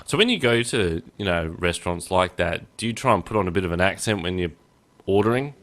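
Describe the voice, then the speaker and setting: A man's voice: low-pitched, animated, brisk, a bit bright. A man hosting a podcast, chatting casually and rambling with self-deprecating jokes. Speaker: podcast host.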